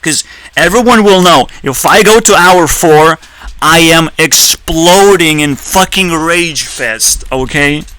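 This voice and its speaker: A man ranting on a video channel, swearing a lot and breaking into sudden high-pitched outbursts. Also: takes it slowly, sharp tone, no room sound, low-quality recording. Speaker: YouTuber. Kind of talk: ranting commentary.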